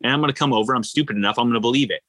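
A man, an endurance athlete, telling stories in a casual interview, animated and rambling with lots of fillers. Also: medium pitch, very fast, dry recording, poor audio. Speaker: ultra-endurance athlete guest.

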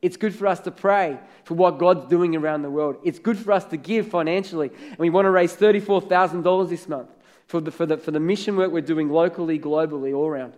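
Aussie pastor guy preaching, fairly high voice, chatty storytelling that builds up loud. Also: fairly quick. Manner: storytelling, conversational with rising emphatic peaks. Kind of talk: sermon.

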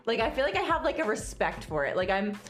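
A woman's voice: on the high side, very animated, quick pace. A woman co-hosting a podcast, talking in a chatty, earnest way with many fillers. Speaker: podcast co-host. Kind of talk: casual chat.

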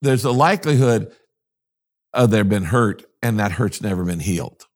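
Emphatic older pastor, preacherly. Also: male voice, fairly low pitch, expressive, moderate pace. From United States. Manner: emphatic, preacherly, repeats key phrases. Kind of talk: interview conversation.

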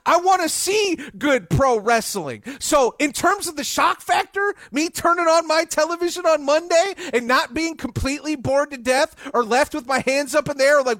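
A man co-hosting a casual wrestling talk show, joking and animated, bursting into shouts when he gets fired up. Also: extremely high pitch, normal speed, hardly any pauses, no echo, studio quality. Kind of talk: casual podcast chat.

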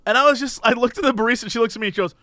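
A man's voice: very high-pitched, rapid-fire, bright, forceful tone, dry recording. A man in casual chat, telling a story and acting out the voices of the people in it.

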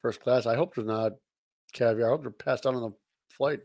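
Easygoing podcast co-host, dry sound. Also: male voice, medium pitch, brisk, a little mellow, dry recording. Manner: easygoing, reads sponsor ads. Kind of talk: casual sports podcast chat.

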